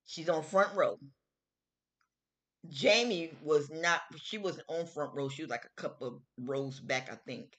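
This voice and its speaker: Slow, emphatic woman hosting a talk. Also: sits low, a bit bright. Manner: slow, emphatic, repeats phrases, mimics other people. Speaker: host. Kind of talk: casual opinion talk.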